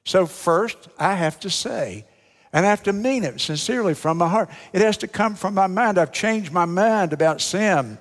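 An older man preaches a sermon in a homely, emphatic way and keeps asking the congregation rhetorical questions. His voice sits a little high for a man. The sound trails off in the long reverb of a large church hall. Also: normal speed. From United States. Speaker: Baptist preacher.

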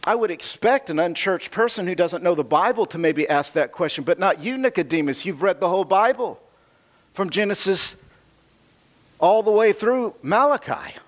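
A man delivers a sermon from the pulpit. His voice sits a bit high for a man. He moves between reading scripture aloud and explaining it in a chatty way, restating phrases to drive his point home. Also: animated, moderate pace. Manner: conversational preaching with scripture reading, repeats himself for emphasis. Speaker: pastor.

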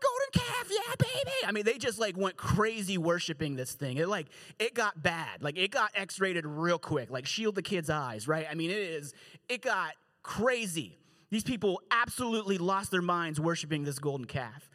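A man preaching a casual, storytelling sermon, animated and joking, slipping into quick voices for the people in the story. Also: high voice. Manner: slangy, joking asides. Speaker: pastor.

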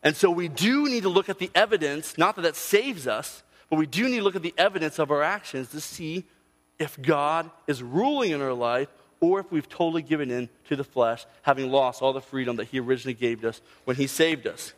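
Animated man preaching in a big hall. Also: a little high, fairly quick. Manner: animated storytelling, acts out voices. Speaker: pastor. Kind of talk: sermon.

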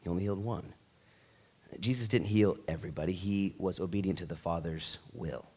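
A man preaching a sermon at a church service in a jokey, conversational way, swinging from quiet asides to loud, excited bursts. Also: sits low, brisk, breathy edge. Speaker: pastor.

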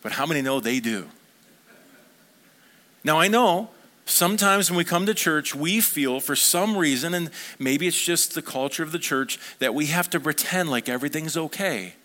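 A man's voice: on the high side, animated, normal speed, bright, forceful tone. A man preaching a sermon as a pastor, talking conversationally and asking the congregation questions.

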